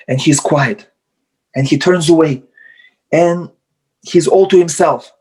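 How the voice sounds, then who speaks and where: Rabbi teaching on a video call. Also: male voice, a little high, unhurried, pauses often, darkish tone, breathy edge. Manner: acts out spouses' quarrels in quoted voices. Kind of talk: lecture over video call. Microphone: computer mic on video call.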